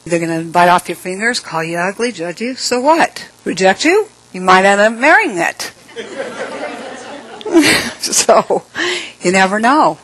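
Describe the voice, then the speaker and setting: A middle-aged woman giving an inspirational talk, earnest and slow on key phrases, with playful asides and laughs. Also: mid-range voice, a bit bright, poor audio. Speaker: speaker.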